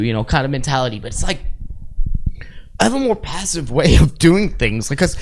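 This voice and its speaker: A man's voice: medium pitch, fairly quick, a little hiss or hum. A man co-hosting a podcast, telling rambling, profane stories in casual chat. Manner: rambling, profane storytelling, animated. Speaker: podcast co-host.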